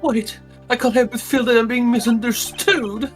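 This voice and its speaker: A woman's voice: fairly high pitch, steady tone, moderate pace, soft background music, close to an everyday voice. A woman voicing a pompous male magician suspect in a formal, posh manner, fan-dubbing a game. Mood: haughty. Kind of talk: fan voice acting over a game.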